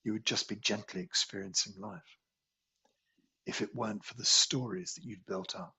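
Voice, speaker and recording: A man teaching a qigong healing class, guiding a slow, soothing meditation with repetitive phrasing. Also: lowish voice, steady tone, sharp tone, slightly rough.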